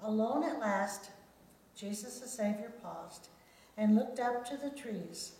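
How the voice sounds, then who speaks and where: A woman leading a children's sermon, reading a Bible story and gently asking the children questions. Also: on the high side, animated, takes it slowly, distant mic. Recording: very echoey room.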